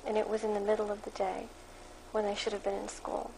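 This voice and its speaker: A woman reading her own dream account aloud from her blog in a flat monotone, then adding religious commentary in a firmer voice. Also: mid-range voice, a little fast, creaky, a little hiss or hum, low-quality recording. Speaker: Christian blogger reading her dream journal.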